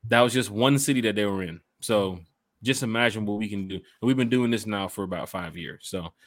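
A man's voice: fairly low pitch, brisk, fairly bright tone, no echo. A man hosting a casual fan podcast, hyped and slangy, talking straight to his listeners. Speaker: podcast host. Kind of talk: casual chat.

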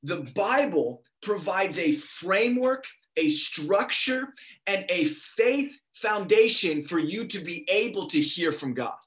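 Young man, preacher, slightly high voice, lively storytelling sermon. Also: slow pace. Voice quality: lively storyteller, acts out dialogue in his story.

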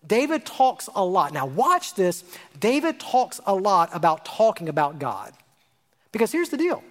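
A male pastor preaching a sermon, lively and rhetorical, repeating phrases and asking his congregation questions. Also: high voice, a little slow. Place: church sanctuary. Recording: long hall reverb.

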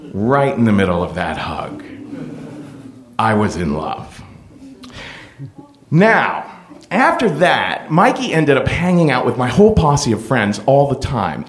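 Animated man telling a personal story. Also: on the high side. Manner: animated, playful, full of impressions. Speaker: podcast host.

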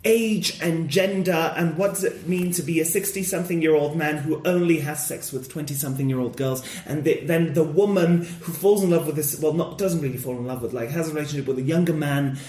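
A man co-hosting a podcast, chatting casually about films and acting out scenes with big jumps in his voice. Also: echoey room. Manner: animated, acts out movie scenes with big pitch jumps. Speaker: podcast co-host.

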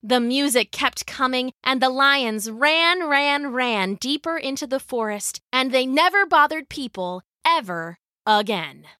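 A woman narrating a scripted children's story in a measured, vivid way. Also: sits high, lively intonation, bright, forceful tone, no echo, clean studio sound.

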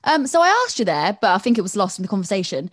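A woman's voice: medium pitch, sing-song, racing, dry recording, studio quality. A woman from England interviewing a guest, asking curious follow-up questions.

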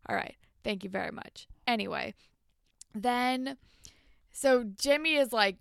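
Creaky, smooth-voiced woman podcaster. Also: medium pitch, normal speed, no room sound, clean studio sound. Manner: animated, acts out characters' lines while retelling. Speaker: podcast co-host. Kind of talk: casual recap chat.

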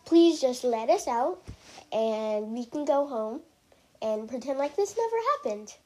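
A woman's voice: sits high, animated, measured pace, dark tone. A woman voicing a bold boy who speaks plainly and with determination. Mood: determined. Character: bold boy leading his friends.

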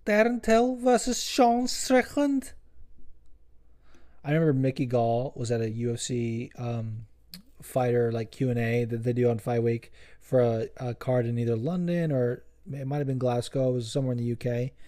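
A man hosting a solo podcast, chatting loosely and cursing freely as he circles back to correct himself. His tone is soft and mellow at a middle pitch. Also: steady tone, a little fast. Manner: profane, rambling, self-correcting. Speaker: podcast host. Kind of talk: casual solo podcast chat.

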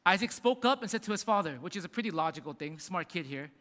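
A pastor preaches with a high, ringing voice, telling the story with lively acted-out voices. His sound carries a long reverb from a large hall. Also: quick pace, hardly any pauses. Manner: animated storytelling, acting out voices in quotes. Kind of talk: sermon.

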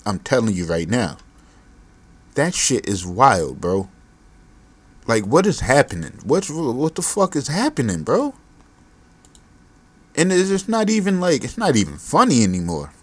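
A man's voice: medium pitch, sing-song, a little slow, long pauses. A man hosting his own podcast, ranting on his own in a profane, exasperated, rambling way; he is a parent. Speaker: podcast host. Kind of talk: solo podcast rant.

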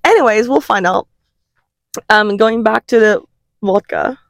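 A woman's voice: mid-range voice, unhurried, vocal fry, dry recording. Dry, teasing woman podcast co-host. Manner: playful, teasing, laughs often. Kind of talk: casual chat.

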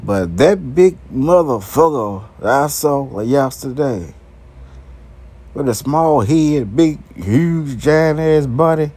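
A man's voice: medium pitch, lively intonation, slow, warm tone, husky. A man telling a crude, rambling comic story full of swearing. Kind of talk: profane comedic monologue.

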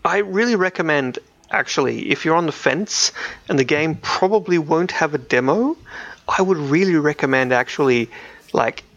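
A man's voice: fairly high pitch, lively intonation, moderate pace, a bit bright, highs cut off. A man co-hosting a video game podcast in casual, rambling chat, with frequent restarts and fillers. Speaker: podcast co-host.

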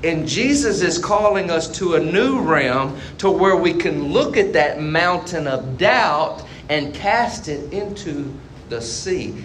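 A man preaching a sermon as a pastor, asking the congregation questions and swinging between loud and quiet passages. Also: fairly high pitch, slight background noise. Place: church sanctuary.

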